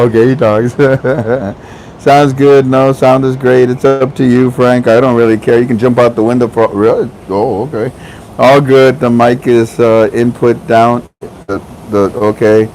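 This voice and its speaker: A man's voice: medium pitch, steady tone, measured pace, a little mellow, a little hiss or hum, poor audio. A man hosting a casual livestream, chatting with viewers, joking and laughing often. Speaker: livestream host.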